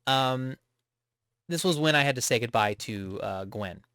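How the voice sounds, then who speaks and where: A man's voice: measured pace, smooth, dry recording, clean studio sound. A man co-hosting a podcast, chatting casually and animatedly about emotional moments in games. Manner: animated, laughing, jumps up in pitch on exclamations. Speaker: podcast co-host. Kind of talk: casual chat.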